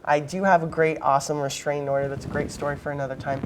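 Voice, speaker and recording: Blunt, low-voiced woman guest. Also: steady tone, slight background noise. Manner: emphatic, blunt, quick storytelling. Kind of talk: interview, telling her life story.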